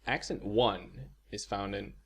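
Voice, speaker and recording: A man giving a video lecture as a language teacher, explaining slowly and measuredly, with spoken example words. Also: on the low side, vocal fry, slightly rough.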